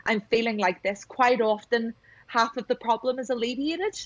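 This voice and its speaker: A woman's voice: fairly high pitch, normal speed. A woman hosting a podcast, telling candid, confessional stories in a casual chat. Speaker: podcast host. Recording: dry, dull lo-fi sound.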